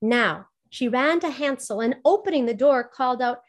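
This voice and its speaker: A woman with a fairly high voice reads a fairy tale aloud. Her reading is measured and expressive, in the manner of a storyteller.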